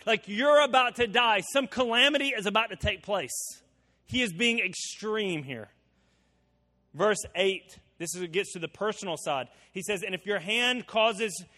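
Male pastor, high-pitched, emphatic sermon delivery, reverberant hall. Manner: preaching with sudden loud emphatic swells.

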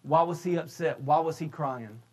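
High-voiced preacher, shouting then casual. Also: male voice, moderate pace. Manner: shouts emphatic points, then drops into casual storytelling; loose, conversational retelling with frequent restarts. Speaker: pastor. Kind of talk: sermon.

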